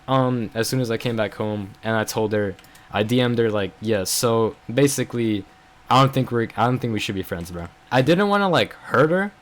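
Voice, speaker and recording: Rambling young man venting to camera. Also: on the low side. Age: young adult. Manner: rambling, filler-heavy, frequent "bro" and "like"; frustrated and venting. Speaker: vlogger. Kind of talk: casual storytelling vlog.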